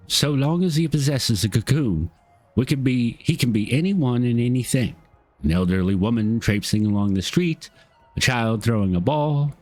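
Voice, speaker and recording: Guy doing a southern gal quest giver, twangy, kinda husky, all formal and old-timey, bouncy delivery. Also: on the low side, darkish tone, dry recording. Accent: put-on Southern US twang. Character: earnest young woman hunting a thief. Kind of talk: reading game dialogue aloud.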